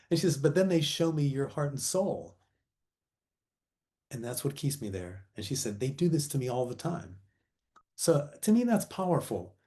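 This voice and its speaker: A middle-aged man talking casually as an interview guest. His voice is mellow and warm at a middle pitch. He rambles through stories, acts out what people said, and laughs often. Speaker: guest, actor and author.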